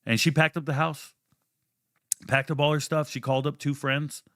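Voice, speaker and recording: A man telling a personal story in a casual, animated way, swearing freely and acting out what people said. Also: normal speed, no echo, studio quality. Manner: animated, profane, acts out quotes with jumps in pitch.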